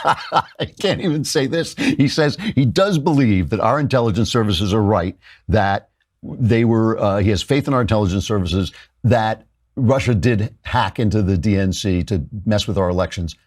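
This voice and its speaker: A middle-aged man hosting a talk show, his voice a little husky and lowish. He delivers wry, amused political commentary with a lively, swinging pitch and laughs often along the way. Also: normal speed.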